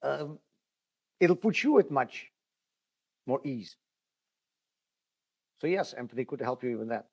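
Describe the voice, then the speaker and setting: A man's voice: mid-range voice, animated, unhurried, gravelly, long pauses, darkish tone, husky. A man, a rabbi, teaching a class in a conversational, storytelling way, addressing his listeners directly and often restarting his words. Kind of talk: spoken Torah lesson.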